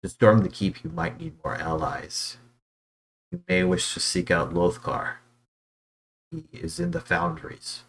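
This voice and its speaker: Man voicing a low, hushed guard in whispered role-play for a fantasy tabletop game, wary and urgent. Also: very animated, measured pace, pauses often, heavily acted, rough recording.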